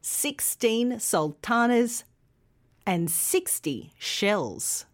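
A woman's voice: fairly high pitch, sing-song, drawn-out words. A woman presenting a pronunciation lesson, carefully modelling words for learners to repeat. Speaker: English pronunciation teacher.

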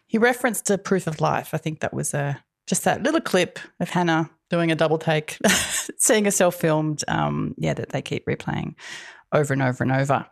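Aussie woman, low gravelly voice, chatty tv recap podcast, dry close sound. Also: lively intonation, moderate pace, no echo. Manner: chatty, laughs often, wry. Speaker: podcast co-host. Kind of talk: casual TV recap chat.

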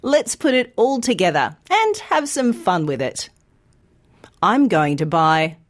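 A woman teaching English pronunciation in a scripted lesson, enunciating each word slowly and clearly. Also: mid-range voice, sing-song. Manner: slow, clear, deliberate enunciation.

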